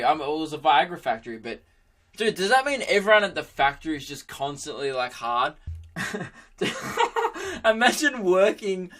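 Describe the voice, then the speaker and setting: A young man in his twenties hosts a podcast in a loose, comic monologue. His voice is bright and sits a little high. He jokes crudely, laughs often and keeps the energy animated. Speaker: podcast host, comedian. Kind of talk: casual comedic monologue.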